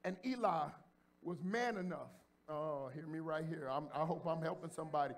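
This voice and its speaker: A pastor preaching a sermon in a church. He talks straight to the congregation in a casual way and repeats phrases as he builds to shouts. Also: on the high side, moderate pace. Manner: addresses the congregation directly and informally. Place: church sanctuary before a congregation.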